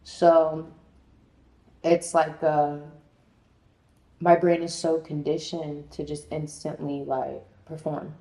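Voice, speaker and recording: A woman's voice: sits low, little pitch movement, slow pace, pauses often, mellow. A young woman in her twenties rambling in a casual vlog at home, scattered and frantic, swearing and filling with "like". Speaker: vlogger. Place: apartment. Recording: echoey room with faint noise.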